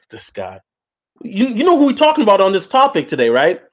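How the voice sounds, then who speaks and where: A man hosts a casual call-in show, ribbing the caller with a needling, mocking tone. His voice sits high for a man, and its pitch jumps around a lot. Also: big pitch swings, fast, a bit bright.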